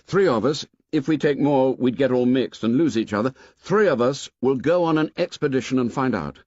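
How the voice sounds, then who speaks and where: A man's voice: mid-range voice, a little mellow, no echo, dull audio, voice pushed up, lightly acted. A man voicing an eager boy leader. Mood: eager, earnest. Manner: eager and quick.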